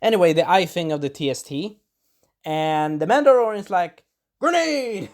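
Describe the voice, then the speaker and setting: A video reviewer born in Sweden recaps an episode in a casual spoiler review monologue, rambling and enthusiastic, stumbling over names and acting out quotes in little voices. The mid-range voice is expressive, a little mellow, and at normal speed, with occasional clearing of a scratchy throat.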